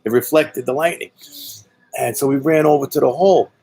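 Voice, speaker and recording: A man's voice: mid-range voice, brisk, dark tone, a little hiss or hum, poor audio. A man from Brooklyn with a Brooklyn accent telling a story in a blunt, profane, rambling way, full of "you know"s. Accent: Brooklyn New York. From Brooklyn, New York. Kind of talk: casual spoken storytelling.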